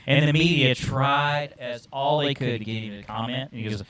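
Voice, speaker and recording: A man co-hosting a podcast, chatting casually about football picks in an animated way. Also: mid-range voice. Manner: animated, lively picks with quick asides. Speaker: podcast co-host. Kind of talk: casual sports chat.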